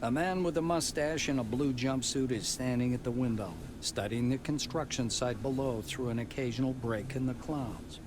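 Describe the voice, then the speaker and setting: A man reading scripted narration for a video game in an even, descriptive voice. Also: mid-range voice, normal speed, hardly any pauses, background noise, lightly acted.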